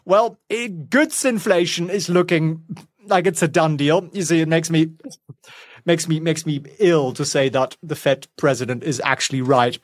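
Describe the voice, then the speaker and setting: A man's voice: fairly high pitch, fairly even intonation, normal speed, dry recording. A man giving casual stock market commentary at home, chatty and wry with sarcastic asides. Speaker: finance vlogger. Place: home, with a pet nearby.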